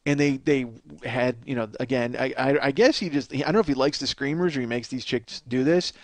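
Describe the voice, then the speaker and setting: A man's voice: mid-range voice, brisk, dry recording. A man hosting a comedy podcast, rambling through a profane, self-mocking monologue from a small apartment. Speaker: podcast host.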